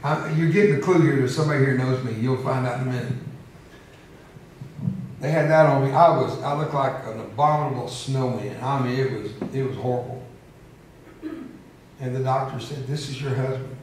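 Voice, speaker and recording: Speaking to an audience in a large, echoey hall, a US motivational speaker in his seventies delivers a humorous, emotional storytelling speech, frequently breaking into laughter. His voice is medium-pitched and a little mellow, moving at a moderate pace with long pauses. He is heard from a distance over slight background noise.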